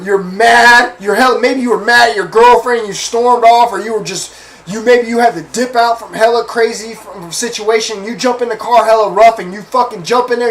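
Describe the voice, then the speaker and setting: A man's voice: very high voice, distant mic, rough recording. A man hosting his own show, telling a story from his life as a casual rant. He swears a lot, repeats himself and keeps asking the listeners if they follow. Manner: animated, profane, repeats phrases and asks the listeners for agreement. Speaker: podcast host.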